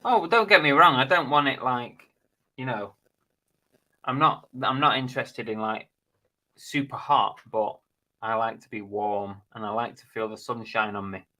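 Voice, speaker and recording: A man's voice: mid-range voice, normal speed, bright, forceful tone. A man hosting a casual live stream, chatting bluntly and jokily while reading out viewer comments.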